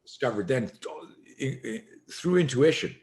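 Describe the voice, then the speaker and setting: A middle-aged man, a self-defense instructor, telling an animated story as a podcast guest and acting out the voices in it. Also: mid-range voice, a little slow.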